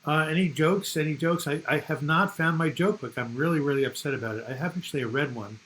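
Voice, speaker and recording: A man's voice: on the high side, quick pace, fairly bright tone, a little hiss or hum, low-quality recording. Chatty older American man hosting. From United States. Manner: chatty, rambling, reads viewer comments aloud. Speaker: live chat host. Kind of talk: casual live-stream chat.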